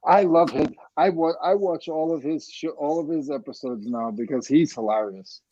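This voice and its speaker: A man co-hosting a casual chat, jokey and quick to laugh. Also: on the high side, warm tone, no room sound, muffled recording. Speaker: podcast co-host.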